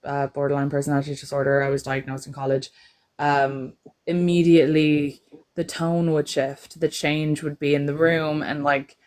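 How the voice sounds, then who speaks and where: A woman's voice: low voice, little pitch movement, moderate pace, darkish tone, clear, resonant tone. Chatty young Irish woman. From Ireland. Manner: chatty storyteller, laughs often. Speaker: panel guest. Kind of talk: casual chat on a call.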